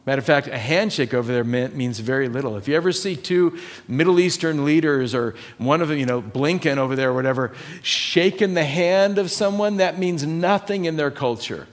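A man preaching a sermon in a somewhat high voice. He speaks emphatically, repeats his key points and checks in with his listeners with direct questions. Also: brisk. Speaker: pastor.

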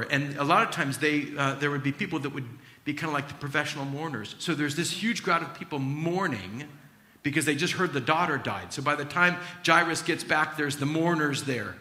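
Animated preaching man, bright echoey voice. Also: on the high side, moderate pace. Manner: animated preaching, acting out Bible scenes. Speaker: pastor. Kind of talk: sermon.

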